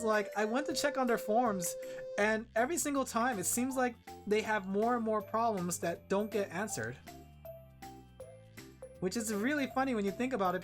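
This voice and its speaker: A woman with an Australian accent chatting playfully with her stream viewers, giggling and joking dramatically. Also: mid-range voice. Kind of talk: casual stream chat with viewers.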